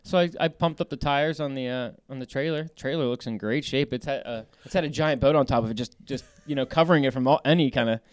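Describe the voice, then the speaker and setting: A man in a casual chat as a podcast guest, telling animated, rambling stories. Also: mid-range voice, fast talker, hardly any pauses, smooth, dry recording.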